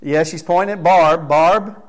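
A man's voice: fairly high pitch, a little slow. A man preaching as pastor in a church, talking conversationally and calling out members of the congregation by name before closing in prayer. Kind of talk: sermon with congregation recognition. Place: church sanctuary.

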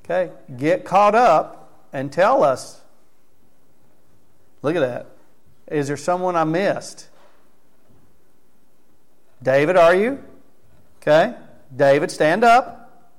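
A man's voice: fairly high pitch, animated, slow pace, long pauses. A man preaching as pastor in a church, talking conversationally and calling out members of the congregation by name before closing in prayer. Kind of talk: sermon with congregation recognition. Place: church sanctuary.

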